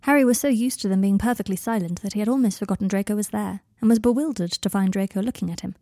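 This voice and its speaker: A woman narrating a fan fiction audiobook with soft, expressive, intimate storytelling. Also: mid-range voice, quick pace, no room sound, studio quality.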